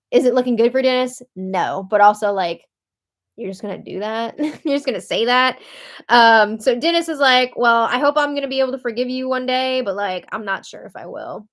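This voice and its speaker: A woman's voice: a little high, animated, fairly quick, few pauses. A woman hosting a casual reality TV recap, chatty and opinionated as she reads out quotes. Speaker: recap show host.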